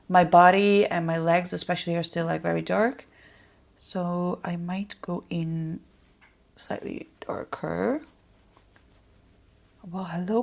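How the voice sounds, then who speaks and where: A woman chatting casually through a makeup tutorial, rambling on and dropping soft muttered asides. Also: on the low side, gravelly. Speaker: beauty vlogger.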